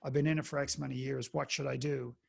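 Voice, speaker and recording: An Irish man, a guest speaker on a podcast, telling anecdotes in a lively way and acting out the people in them. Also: medium pitch, fast, vocal fry, slightly rough. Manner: animated anecdote-telling, acts out the people in his story. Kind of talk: storytelling in a conversational interview.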